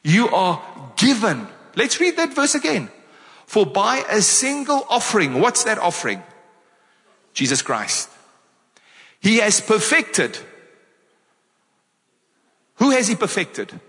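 A man with a South African accent delivers an energetic sermon, firing rhetorical questions at his congregation. His voice sits high and bright, and he speaks at an unhurried pace. A long church-hall reverb trails after each phrase. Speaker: pastor.

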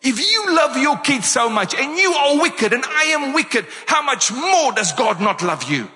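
With a high, bright voice and a South African accent, a pastor delivers a lively sermon at an unhurried pace, hitting the congregation with rhetorical questions. Each phrase lingers in a long church-hall echo.

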